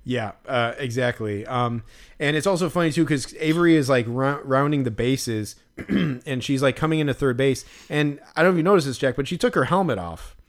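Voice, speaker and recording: A man's voice: medium pitch, a little fast. Rambling casual man, heavy on fillers. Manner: rambling, lots of fillers and "like", acts out quotes. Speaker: podcast co-host recapping a show. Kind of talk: casual chat.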